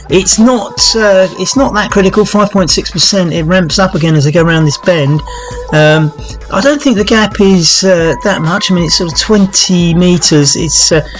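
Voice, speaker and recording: A man giving relaxed, chatty live commentary on a virtual cycling race, calling out gradients with plenty of fillers. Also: on the high side.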